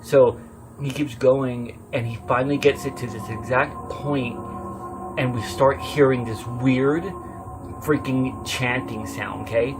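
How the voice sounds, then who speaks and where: A man recounts a spooky road-trip story in loose, unscripted talk, full of fillers and restarts. His voice sits at an ordinary middle pitch and turns tense, dropping to a hush and then rising. Faint music plays behind him. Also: fairly even intonation, a little slow. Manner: rambling, swears often, many fillers and restarts; tense, swinging from hushed to loud as he retells. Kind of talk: casual spoken horror story.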